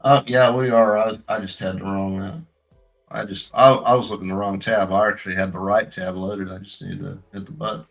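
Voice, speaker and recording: A man's voice: low-pitched, level tone, brisk, gravelly, soft background music. Laid-back man co-host, hesitant. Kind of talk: casual political commentary. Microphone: video call.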